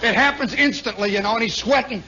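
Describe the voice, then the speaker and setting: A man, a radio host, telling a comic story live in a nightclub, animated and chuckling with lots of asides. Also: extremely high pitch, quick pace, a little hiss or hum. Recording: muffled 1960s live radio recording.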